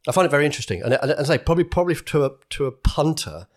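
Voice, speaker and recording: A man's voice: fairly high pitch, very fast. A man, a stand-up comedian chatting on a podcast, rambling and acting out voices as he tells stories. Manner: rambling, animated, acts out voices in anecdotes. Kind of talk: casual podcast chat.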